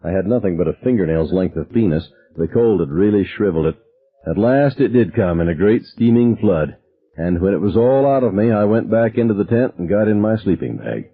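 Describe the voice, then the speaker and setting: A man narrates a novel in the first person, measured and somber. His voice is low and husky. The sound is dry and squeezed into a narrow, phone-like band. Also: expressive. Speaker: audiobook narrator.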